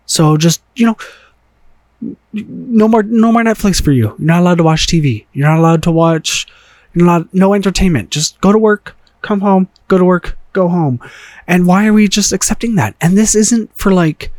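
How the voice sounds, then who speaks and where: A man's voice: high voice, moderate pace, a little mellow, no echo. A man hosting his own show, ranting in a frustrated, profane way and firing off repeated rhetorical questions. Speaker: podcast host. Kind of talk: solo opinion rant.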